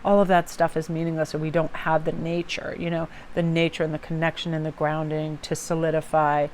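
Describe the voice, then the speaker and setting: Chatty upbeat woman, lowish voice. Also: little pitch movement, darkish tone, slight background noise. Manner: chatty and upbeat, quick laughs and asides. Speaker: tarot channel host. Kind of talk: casual motivational vlog talk.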